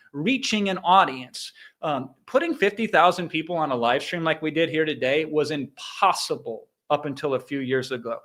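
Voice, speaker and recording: A middle-aged American man giving an energetic motivational business talk, emphatic and animated. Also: medium pitch. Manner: animated, emphatic, mimics sound effects. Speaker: guest speaker on a live business training.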